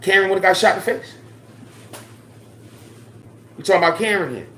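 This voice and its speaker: A man's voice: sits high, animated, moderate pace, pushed and bright, slight background noise. A man giving impassioned, slangy social commentary to his viewers, repeating his points for emphasis. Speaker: online commentator. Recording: roomy echo.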